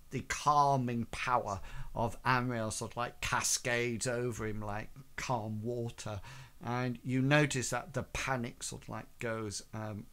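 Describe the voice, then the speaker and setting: A man's voice: mid-range voice, a bit bright. A man narrating as game master in a tabletop game, hesitant and full of fillers.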